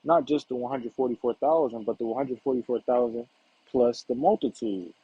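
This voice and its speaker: A man's voice: medium pitch, a little fast, slightly rough, no echo. A man giving a casual Bible lesson in a conversational way, often checking in with "right?" and "all right". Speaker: Bible teacher. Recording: dull lo-fi recording.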